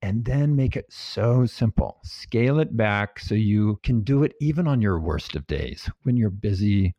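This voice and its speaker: A man being interviewed as a guest, calmly and patiently explaining ideas with everyday examples. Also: fairly low pitch, no echo. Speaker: guest, habits researcher. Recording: dull, dry, lo-fi sound.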